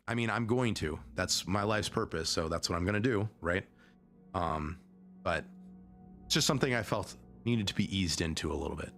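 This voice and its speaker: A man's voice: deep voice, fairly bright tone. A young man streaming as a vtuber, chatting casually about internet news in a rambling way, often cutting himself off and restarting. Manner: rambling, self-interrupting, conversational.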